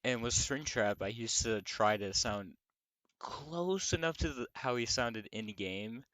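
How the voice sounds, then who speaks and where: Male streamer host, rambling casual chat, crisp dry sound. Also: mid-range voice, animated, measured pace, fairly bright tone, dry recording. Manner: rambling, frequent restarts.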